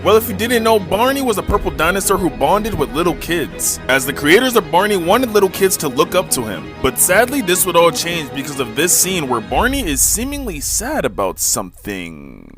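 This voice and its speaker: A man's voice: high voice, moderate pace, hardly any pauses. A man giving a mock-serious comic voice-over narration of a parody story. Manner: mock-serious storyteller, deadpan delivery of absurd plot. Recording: voice-over with music clearly behind.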